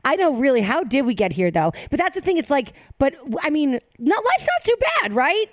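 A fairly high-voiced woman guest chats on a podcast at home, giggling and animated. She tells stories with dramatic flair. The recording is dry and close. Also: brisk, no room sound. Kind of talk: casual chat. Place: apartment.

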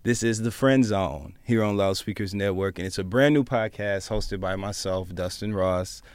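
A man co-hosting a podcast, upbeat and playful, swearing casually in relaxed chat. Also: on the low side, normal speed, smooth, dry recording. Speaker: podcast co-host.

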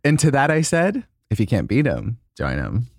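Brief: young male co-host, campy and playful, swooping animated pitch, dry close sound. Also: normal speed, dry recording. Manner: campy, playful, lots of put-on quotes. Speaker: podcast co-host. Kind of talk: casual comedic chat.

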